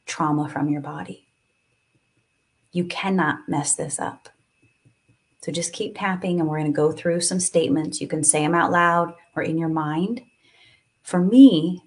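A woman's voice: sits low, breathy edge. A woman guiding a live tapping and breathing session, speaking soothingly and coaxingly, with sighs and moments of emotion.

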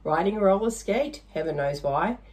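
A woman voicing a fussy, frantic gentleman chasing his lost roller skate in a children's story. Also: medium pitch, expressive, normal speed, close to an everyday voice. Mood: pleading. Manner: frantic and fretful.

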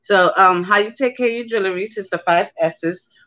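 A woman's voice: medium pitch, normal speed, a bit bright. A woman hosting a casual live-stream jewelry sale from home. She greets viewers by name and keeps checking in with "okay?".

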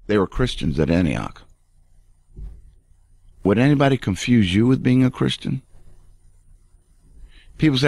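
A man's voice: medium pitch, big pitch swings, measured pace, vocal fry, pauses often, darkish tone, dry recording. A male pastor preaching an emphatic radio sermon and speaking straight to the listener.

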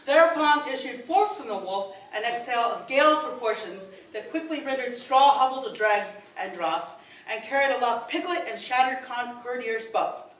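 A woman's voice: fairly high pitch, lively intonation, moderate pace, a bit bright, a little hiss or hum. A woman bard improvising a comic story in mock old-fashioned English, theatrical and playful. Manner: theatrical, playful, laughing through lines. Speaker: bard performing a spoken story. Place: hall at a live event with an audience. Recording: echoey hall recorded from far off.

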